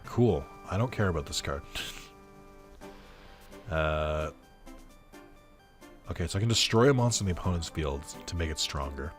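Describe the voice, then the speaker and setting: A man's voice: sits low, expressive, normal speed, pauses often, faint music behind. A man casually commenting on a video game as he plays, rambling, swearing and laughing at his own jokes. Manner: reads game dialogue aloud in put-on voices. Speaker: gameplay commentator. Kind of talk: casual let's-play commentary.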